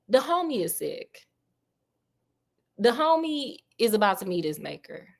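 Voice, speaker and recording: A woman's voice: a little high, fairly bright tone. A woman storyteller retelling a classic tale in loose, everyday slang. She keeps it casual and tosses in joking asides.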